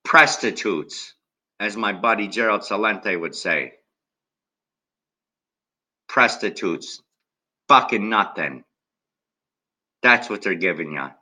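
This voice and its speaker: An agitated man venting to his viewers in a profane, heated rant. His voice is low-set but very sharp and tense, cutting through every line. He talks straight at the audience and swears constantly. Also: measured pace, rough recording. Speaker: political video blogger. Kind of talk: angry rant to camera.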